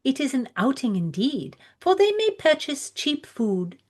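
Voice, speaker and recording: A woman's voice: high-pitched, big pitch swings, unhurried, heavily acted. A woman narrating a scripted audio drama in a haughty manner, with archaic phrasing and French interjections. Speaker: narrator and investigator.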